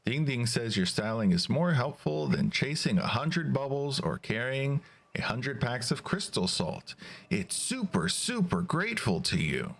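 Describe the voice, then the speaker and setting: A man's voice: mid-range voice, very animated, measured pace, gravelly, a bit bright, full character voice. A man voicing a chatty game companion who retells the puppy's story in a storytelling tone. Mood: explaining.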